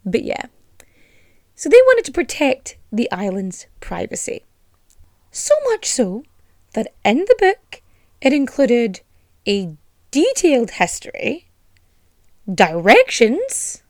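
An Irish woman hosting a storytelling podcast in a higher register, her voice swinging widely as she rants. She swears freely, drips sarcasm and gets indignant. The sound is close and dry, with no room around it. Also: takes it slowly, long pauses, no room sound. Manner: animated and indignant. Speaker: podcast host.

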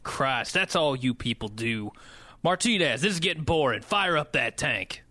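A man's voice: mid-range voice, animated, moderate pace, sharp tone, no room sound. A man playing a callous, flippant villain leader in a comedy sketch. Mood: bored. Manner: flippant, bored cruelty. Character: callous ruthless male villain leader, middle-aged.

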